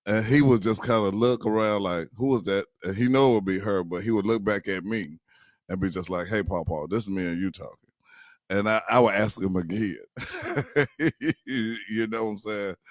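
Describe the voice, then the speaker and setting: A man's voice: fairly low pitch, no echo, studio quality. An older man, a grandfather, telling teasing family stories in a casual, chuckling way and often calling out to listeners as y'all. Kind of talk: casual storytelling to viewers.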